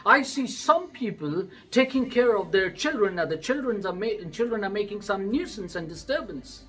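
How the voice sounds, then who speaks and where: A man's voice: high-pitched, animated, moderate pace, fairly bright tone, soft background music. A man quoting a fed-up churchgoing woman with an Indian accent. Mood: complaining. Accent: Indian English. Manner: complaining, insistent.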